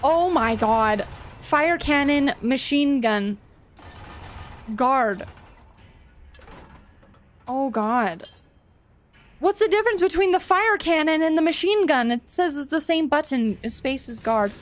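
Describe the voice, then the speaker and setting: High-voiced woman streamer, chatty and swearing. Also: expressive, slow pace, pauses often, slight background noise. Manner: chatty, swears freely, laughs often. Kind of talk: live game-stream commentary.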